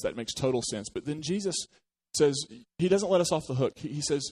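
A man's voice: a little high, expressive, brisk, dark tone, husky. A man preaching a sermon as pastor, talking conversationally, asking the congregation questions and joking as he retells a parable.

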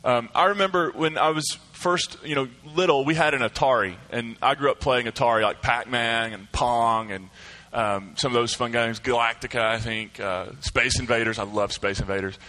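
A middle-aged man with a slight lisp, a pastor giving casual, joking church announcements and a sermon at a deliberate pace. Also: mid-range voice, pushed and bright, poor audio.

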